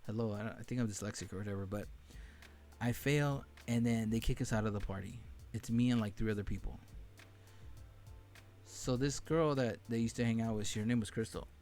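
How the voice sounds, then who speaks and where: A man's voice: lowish voice, fairly quick, darkish tone. Young male podcast host, casual profane storytelling, faint music bed. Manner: candid and profane, laughing at painful memories.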